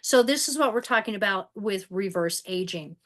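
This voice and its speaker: A woman's voice: medium pitch, animated, moderate pace, fairly bright tone. A middle-aged woman giving a casual wellness presentation over a video call, conversational, with many fillers and restarts.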